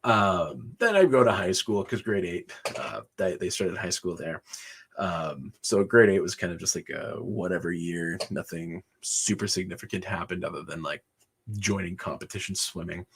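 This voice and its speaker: A man's voice: low voice, lively intonation, normal speed, vocal fry, a bit bright, slightly rough. A man on a livestream, telling his life story casually, chuckling often and rambling with fillers. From Canada. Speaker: livestream host.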